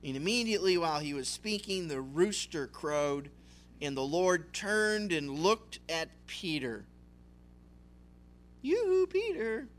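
A man's voice: fairly high pitch, expressive, a little slow, fairly bright tone. A male pastor giving a conversational sermon, retelling scripture with acted voices. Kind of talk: expository sermon.

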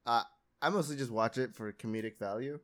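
A man's voice: medium pitch, a little fast, a bit bright. A young man hosting a casual podcast, rambling in a laid-back way and laughing often. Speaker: podcast host.

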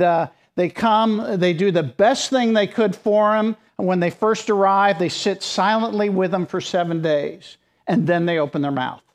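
Conversational preacher giving a sermon. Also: mid-range voice. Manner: conversational, emphatic, with informal asides. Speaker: pastor.

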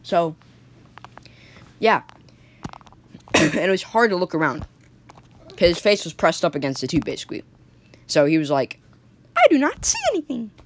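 Brief: casual improvised storyteller, rambling, restarts, mid-pitched voice. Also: normal speed, long pauses, a little hiss or hum. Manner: rambling, many fillers and restarts.

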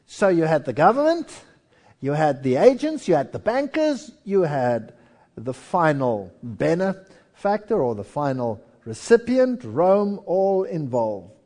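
Man, preacher, sermon, high voice, lively swooping delivery, storytelling. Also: unhurried. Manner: storytelling, animated, acts out voices.

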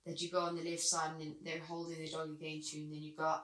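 A woman from South Africa chats casually with a lowish, slightly deep voice and laughs often. She talks in a roomy, echoey space. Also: fast talker. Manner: giggly, animated, slips into high exaggerated voices when quoting herself. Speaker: podcast co-host, veterinary surgeon. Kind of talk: casual chat. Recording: roomy echo.

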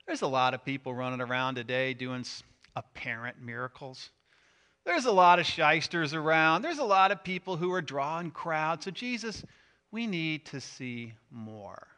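A middle-aged man preaching a sermon as pastor, animated, swinging from loud emphasis to hushed asides. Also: a little high, moderate pace, clear, resonant tone.

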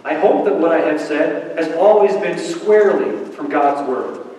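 A man's voice: on the high side, expressive, a little slow, a little mellow. A man preaching a sermon as pastor in a church sanctuary, talking in a conversational, playful way and repeating phrases for emphasis. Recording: echoey hall from far off, faint background hum.

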